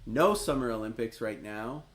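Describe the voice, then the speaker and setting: A man's voice: medium pitch, moderate pace, slight background noise. A man hosting a live stream, cheering and chatting to viewers as he plays a retro quiz game. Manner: excitable, cheers and chats to viewers. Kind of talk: live gameplay commentary.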